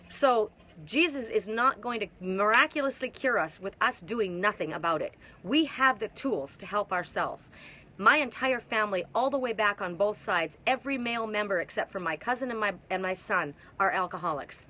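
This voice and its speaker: Her voice pushed and bright, at medium pitch with lively intonation and normal speed, a middle-aged woman speaks outdoors on a hot, humid day. As a twin soul facilitator, she gives a spiritual monologue full of emphasis and repetition.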